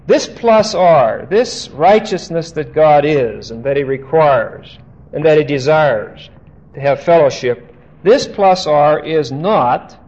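A man's voice: on the high side, darkish tone. An older man teaching through a Bible passage verse by verse, conversational, often checking in with "okay?" and telling stories. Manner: conversational, frequent "okay?" check-ins, storytelling asides. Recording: dull lo-fi recording.

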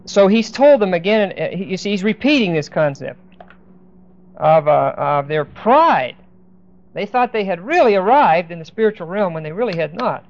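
A man teaching a verse-by-verse Bible lesson, speaking deliberately and with emphasis, stopping now and then to look up verses. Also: sits high, expressive. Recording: dull lo-fi recording.

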